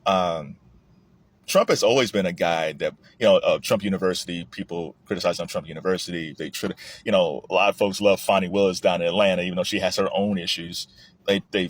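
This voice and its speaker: A man giving a casual political commentary monologue, animated and often restarting his sentences. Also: breathy edge. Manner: animated, rising high when emphatic, with frequent restarts. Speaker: commentary vlogger.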